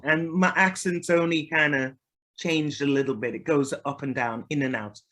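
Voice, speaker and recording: This guest musician from Liverpool, England, speaks with a softened Liverpool accent in a casual interview. Her voice is low, with fairly even intonation and a moderate pace. She chats easily, laughs a lot, and lets sentences trail off into ums.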